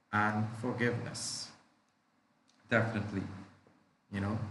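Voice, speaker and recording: A man's voice: on the low side, a bit bright, reverberant, a little hiss or hum, poor audio. A man teaching a live online primary school class, patiently repeating each word and checking that the children follow.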